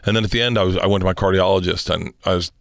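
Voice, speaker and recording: Profane rambling man, low dry voice. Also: fairly even intonation, racing, creaky, no echo. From Florida, US. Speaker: guest, touring comedian. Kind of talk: casual storytelling.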